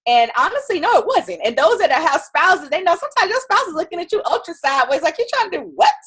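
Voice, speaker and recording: A woman guest on an interview show, telling her story in a chatty, animated way and acting out what others said. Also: very high-pitched, quick pace. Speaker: guest entrepreneur.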